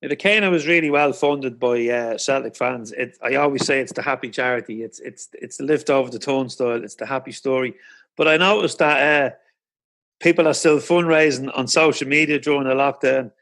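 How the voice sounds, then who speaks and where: A man's voice: medium pitch, brisk. Enthusiastic male podcast host. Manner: warm, enthusiastic praise. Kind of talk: casual interview.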